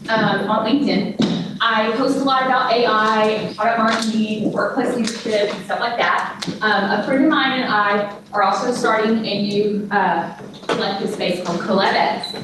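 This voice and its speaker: A woman's voice: medium pitch, moderate pace. Texan woman speaking in an echoey room. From Texas. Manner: animated storytelling, acts out dialogue. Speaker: conference speaker. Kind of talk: presentation with audience Q&A. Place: conference room. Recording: echoey room from far off, noisy.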